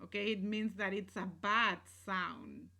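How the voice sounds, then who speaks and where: Slow, bright-voiced woman teaching grammar. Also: medium pitch, vocal fry. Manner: explanatory, checks in with "right?" and "¿sí?"; switches between English and Spanish examples. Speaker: Spanish teacher. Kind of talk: recorded grammar lesson.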